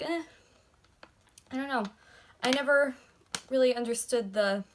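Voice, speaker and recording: A woman beauty vlogger chatting casually about her makeup, with lots of ums and likes. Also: a little high. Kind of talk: casual chat showing makeup. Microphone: phone.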